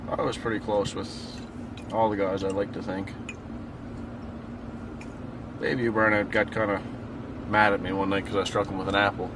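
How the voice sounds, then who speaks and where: An actor playing a small-town musician friend who talks in an offhand, mumbled way. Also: male voice, lowish voice, little pitch movement, normal speed, long pauses, natural voice. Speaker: mockumentary interviewee. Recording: distant mic with street noise.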